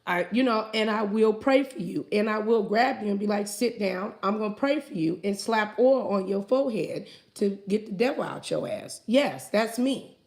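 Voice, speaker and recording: A woman hosting a casual call-in show, talking loudly and boisterously, cussing and stuttering now and then. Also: mid-range voice, expressive, moderate pace, hardly any pauses. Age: adult parent. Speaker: host.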